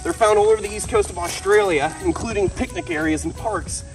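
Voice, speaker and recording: A young man from the United States, who films a wildlife vlog, explains things chattily and yelps and shouts excitedly during the action. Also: high voice, a little fast, over music. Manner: chatty and explanatory between attempts. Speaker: wildlife vlogger. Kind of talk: excited animal vlog commentary.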